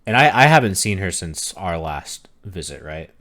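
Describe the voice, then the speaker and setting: A man's voice: deep voice, big pitch swings, moderate pace, fairly bright tone. A man playing in a tabletop game, easygoing and asking lots of questions in character. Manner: easygoing, asks many questions. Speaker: player. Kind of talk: casual tabletop role-play.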